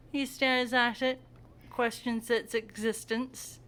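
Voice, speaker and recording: A woman's voice: on the high side, a bit bright, slight background noise. Playful woman cooing at her cat. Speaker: cat owner filming her pet. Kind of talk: casual chat to camera. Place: at home.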